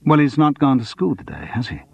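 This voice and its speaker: A man voicing a calm, quietly insistent man questioning someone, in a storybook reading. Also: medium pitch, gravelly, husky, no echo, pitched above the performer's own voice, full character voice. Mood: probing. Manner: measured, persistent, cool. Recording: dull lo-fi dry audiobook recording.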